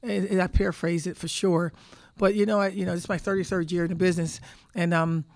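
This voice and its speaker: A head basketball coach in her fifties fields press conference questions in a lowish, slightly mellow voice, brisk and flat in delivery. She tells stories with emphasis and repeats words while she thinks.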